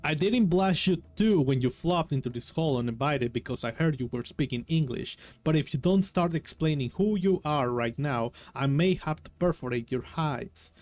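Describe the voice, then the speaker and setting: A man voicing a gruff older army sergeant with an Oklahoma accent, reading a novel aloud on stream. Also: a little high, animated, normal speed, few pauses, darkish tone, lightly acted. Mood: threatening.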